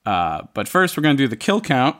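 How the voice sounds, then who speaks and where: A man hosting a relaxed podcast, his pitch swinging lively as he moves between segments. He sounds animated and chatty. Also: brisk, soft background music. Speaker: podcast host. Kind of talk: casual chat.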